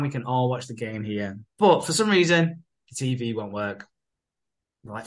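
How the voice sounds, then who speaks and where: A man's voice: mid-range voice, animated, moderate pace. A man retelling a soap episode on a podcast, full of swearing and acted quotes. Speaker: podcast co-host. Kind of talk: casual comedic recap chat.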